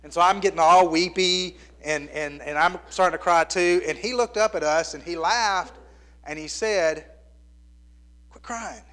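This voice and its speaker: A man in his fifties preaching to his congregation with a slightly raised pitch. He talks plainly and conversationally, like he is sharing a personal story. At the most tender points his voice sinks to a hushed near-whisper. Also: normal speed. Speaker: pastor. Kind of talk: sermon.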